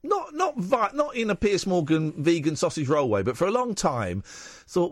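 A man hosting a late-night radio phone-in, blunt and jokey, swinging from loud rants to quiet asides. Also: sits high, very animated, moderate pace, dry recording, studio quality. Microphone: studio microphone.

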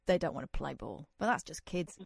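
A woman's voice: low voice, expressive, fairly quick, creaky, husky, no echo, clean studio sound. A woman hosting a radio phone-in, chatting with a caller and laughing easily. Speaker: radio host. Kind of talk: late-night phone-in chat. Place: radio studio. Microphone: studio mic.

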